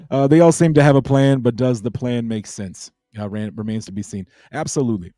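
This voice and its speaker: A man's voice: medium pitch, normal speed, mellow, no room sound, studio quality, faint music behind. A man hosting a casual crypto livestream, rambling and laid-back as he chats with viewers. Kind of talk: casual late-night livestream chat.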